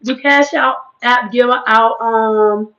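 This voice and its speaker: A woman hosting a casual livestream, chatting to her viewers in an animated, churchy manner while her voice is just recovering. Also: a little high, slow, echoey room, dull audio. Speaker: host.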